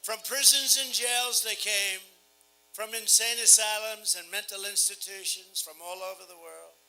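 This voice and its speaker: An older American man gives a rally speech at a podium microphone, boastful and sarcastic, repeating his lines and dropping from loud bursts to hushed asides. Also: sits high, fairly even intonation, unhurried, creaky, poor audio. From United States. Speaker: campaign speaker. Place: outdoor campaign rally.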